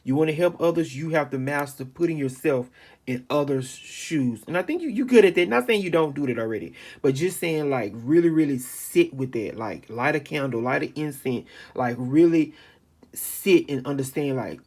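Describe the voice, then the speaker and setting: A man's voice: fairly high pitch, expressive, moderate pace, darkish tone. A man giving a casual astrology reading into a handheld phone, talking emphatically, rambling and repeating phrases as he goes. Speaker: astrology reader. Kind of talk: informal spoken astrology reading.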